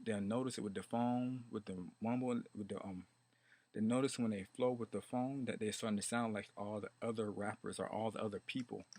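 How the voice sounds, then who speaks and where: Low flat-voiced man rambling on meditation. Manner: meandering, repetitive, with chanted mantras. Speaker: meditation teacher. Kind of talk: rambling casual monologue.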